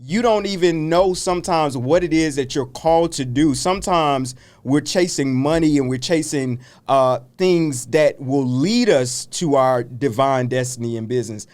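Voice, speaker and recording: A man's voice: on the high side, moderate pace, hardly any pauses, darkish tone. A man who is a business coach and pastor, talking in a casual interview in an earnest, reflective, motivational way.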